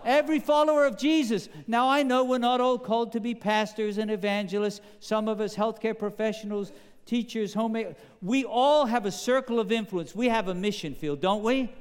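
A man with a high, smooth, resonant voice delivers a sermon, peppering the congregation with questions in an emphatic, animated way. His words ring out with the long reverb of a large hall. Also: normal speed. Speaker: pastor.

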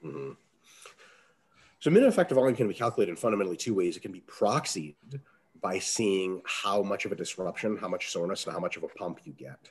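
A man answering interview questions as a strength coach, talking casually, with salty language and lively acted-out quotes. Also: low-pitched, fast, slightly rough. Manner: profane, animated, acts out quoted dialogue.

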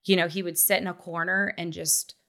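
Animated bright-voiced woman telling a story. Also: fairly low pitch, brisk, vocal fry. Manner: animated storyteller who acts out quotes. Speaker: guest, mother. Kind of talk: casual chat, personal story.

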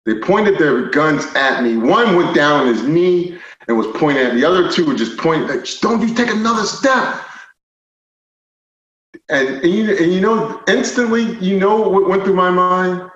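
A man telling a personal story as a podcast guest, animated, moving from quiet stretches to loud indignant retellings. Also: sits high, normal speed, hardly any pauses. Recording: roomy, slightly dull podcast audio.

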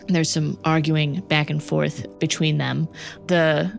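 Slow, low-voiced woman game master. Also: creaky, faint music behind. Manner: relaxed, hesitant, many fillers. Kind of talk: narrating a tabletop game.

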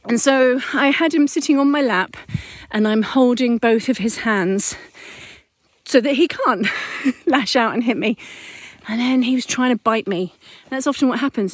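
A woman with a high, light voice talks through a parenting story in a candid, chatty way, correcting herself as she goes. She is walking uphill outdoors. The sound is close and dry. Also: no echo. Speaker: parenting podcast host and mother. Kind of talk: casual reflective monologue. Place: outdoors, walking up a hill at dusk.

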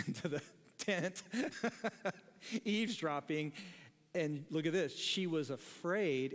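In a church sanctuary, a man with a voice on the high side preaches a sermon as pastor, keeping it casual and joking and often laughing at his own lines. The sound carries a long reverb tail.

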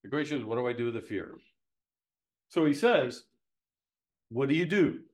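A man's voice: medium pitch, normal speed. Folksy man teaching the Bible. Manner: lively, asks the audience many rhetorical questions; folksy, homespun humor.

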